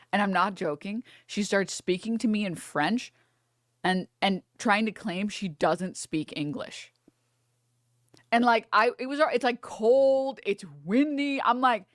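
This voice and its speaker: A young American woman streamer telling a story in casual chat, animated and profane, often laughing through her words. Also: mid-range voice, moderate pace, dry recording, studio quality. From United States.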